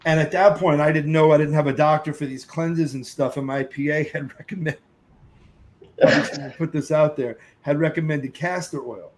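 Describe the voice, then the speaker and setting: A middle-aged man on a podcast, telling a story with real energy. His voice sits a little high, and he breaks into other people's voices as the tale goes on. He curses casually and talks in quick, loose bursts. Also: rough recording. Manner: lively storyteller who acts out other voices and sings snatches. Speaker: podcast guest. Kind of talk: animated storytelling.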